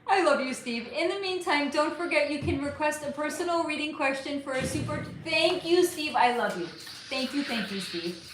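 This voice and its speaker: A woman's voice: high voice, expressive, normal speed, roomy sound, noisy background. A middle-aged woman hosting a casual livestream, reading viewer comments aloud, chatty and affectionate, calling people honey and swearing freely. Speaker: livestream host.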